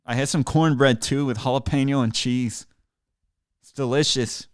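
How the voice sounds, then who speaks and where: A man's voice: mid-range voice, fairly even intonation, normal speed, clean tone, no echo. A man ranting at the listeners in a solo podcast, sarcastic and profane, talking into a desk mic in a small studio. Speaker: podcast host. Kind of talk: ranting monologue. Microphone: desk mic in front of a computer.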